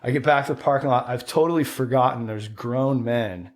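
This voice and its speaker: A middle-aged man from Washington state, a snowboarder guest on a podcast, telling a rambling, animated anecdote with frequent restarts. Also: fairly quick. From Washington state, USA. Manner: animated storyteller who jumps high in pitch to act out quotes. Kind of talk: casual storytelling on a podcast.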